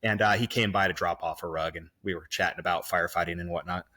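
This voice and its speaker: A man in his thirties from the Pacific Northwest, a podcast guest recorded remotely, reminiscing in a relaxed way with plenty of fillers and restarts. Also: sits low, quick pace. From Pacific Northwest, USA. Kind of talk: casual remote podcast chat. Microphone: remote recording, podcast mic.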